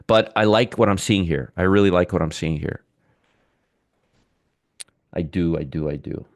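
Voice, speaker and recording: Low-voiced man talking stocks live. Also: dry recording, clean studio sound. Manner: chatty, reads viewer comments, jokes and teases. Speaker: stock market show host. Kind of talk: live market livestream commentary.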